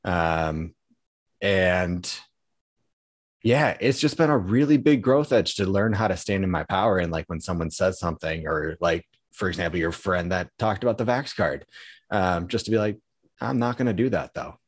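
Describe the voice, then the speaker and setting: A man's voice: deep voice, moderate pace, dry recording, clean studio sound. A man, a father of a young child, in casual conversation, talking earnestly and thoughtfully with fillers. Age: adult father of a young daughter.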